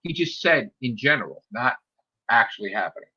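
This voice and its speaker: A man hosting a podcast, ranting in a heated, profane way and mimicking people in high voices. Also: animated, a little fast, sharp tone, slightly rough, lo-fi sound. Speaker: podcast host. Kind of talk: heated casual podcast rant.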